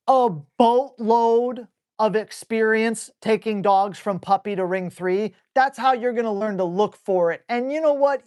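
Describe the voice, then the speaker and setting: A man who trains dogs, answering viewer questions on a live stream in a blunt, excitable, salty way, breaking into quick acted asides. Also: high voice, smooth.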